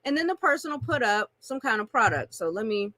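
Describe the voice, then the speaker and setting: Woman, marketing coach, bright and forceful voice, dry close sound, playful, laughs a lot. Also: on the high side, a little fast, no room sound. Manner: animated, playful, laughs often, calls listeners y'all. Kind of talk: teaching a marketing lesson with acted-out examples.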